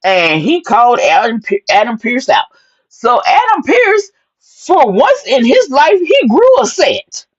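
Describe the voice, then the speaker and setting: Sassy, animated woman recapping wrestling. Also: sits high, unhurried, breathy edge, highs cut off. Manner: animated, sassy storytelling with "honey" asides and acted-out quotes. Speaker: wrestling show recap host. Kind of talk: excited casual wrestling recap.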